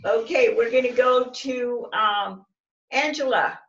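A woman's voice: a little high, slow pace, a bit bright, roomy sound, distant mic, highs cut off. A woman interviewing children at a church, encouraging them with short questions. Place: church room.

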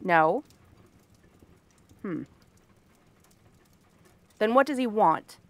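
A woman's voice: medium pitch, expressive, very slow, dry recording. A woman voicing a cranky, bratty cursed frog-girl princess in an ASMR role-play, talking in a dry, sarcastic, probing way. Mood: wary, probing.

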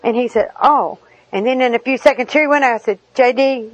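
A woman's voice: fairly high pitch, fairly quick, rough recording. A middle-aged woman, giving a personal recovery talk in a humorous, chatty storytelling manner with asides. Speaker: recovery meeting speaker.

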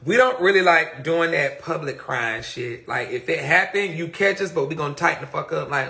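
Woman live-stream host, sharp and bright in tone, profane, emphatic, chatty with viewers. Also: low-pitched, moderate pace, vocal fry, few pauses. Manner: rambling with many repeated fillers. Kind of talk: casual live-stream chat reading viewer comments. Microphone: phone or webcam on a live stream.

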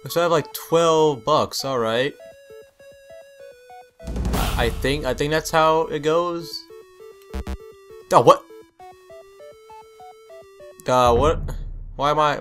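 A man's voice: a little high, fairly bright tone. A man casually commentating a video game playthrough, rambling and repeating himself, yelping when startled. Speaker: gameplay channel host. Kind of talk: casual let's-play commentary.

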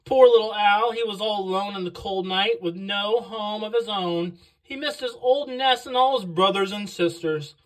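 A woman reading a picture book aloud to children, slow and expressive on the sound words. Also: mid-range voice, rough recording. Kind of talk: read-aloud storytelling for children.

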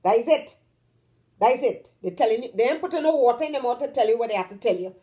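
Her pitch is fairly high, her intonation lively, her pace quick and her tone dark: a Trinidadian woman hosting her own vlog in casual talk to the camera. She emphasizes points by elongating key words and keeps asking her listener "you understand?"

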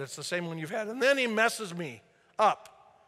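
A man preaching a sermon as pastor, animated, swinging between loud emphasis and quiet asides. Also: sits high, moderate pace, in a large hall. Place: church sanctuary.

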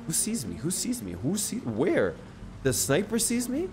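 A man streaming a video game, chatting excitedly and joking with his viewers. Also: sits high, normal speed. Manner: excitable, jokey, talks to chat. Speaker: gaming streamer. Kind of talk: live gameplay commentary. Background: game music.

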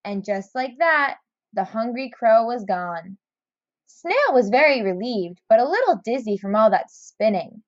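A woman reads a children's picture book aloud, gentle and expressive, her pitch moving a lot. She speaks slowly and clearly, in a dry, slightly lo-fi recording. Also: no room sound. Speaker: narrator. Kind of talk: storybook read-aloud.

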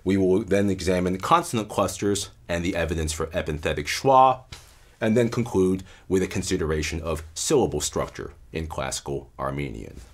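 A man delivers a careful academic lecture, pausing to stress key terms. His voice sits low, yet his pitch moves widely and keeps the talk animated.

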